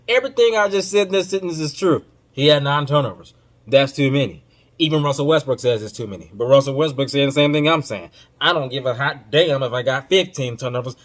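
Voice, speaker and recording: A man hosting a podcast, giving casual basketball commentary in an emphatic, informal, slang-heavy way that swings between loud outbursts and low muttering. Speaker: podcast host.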